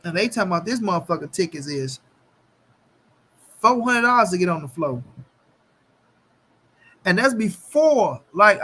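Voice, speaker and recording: A man with a notably high voice vents about boxing to his camera in a loose, profane rant. He taunts and jeers over and over, jumping between loud outbursts and low mutters. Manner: taunting, mocking, repetitive jeers; animated, shifting quickly between loud and muttered. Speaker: boxing commentary channel host.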